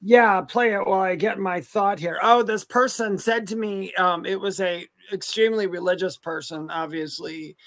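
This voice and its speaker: Man, high pitch, easygoing, rambling, live-stream co-host. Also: normal speed, hardly any pauses, fairly bright tone. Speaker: co-host, psychic medium. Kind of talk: casual live-stream chat.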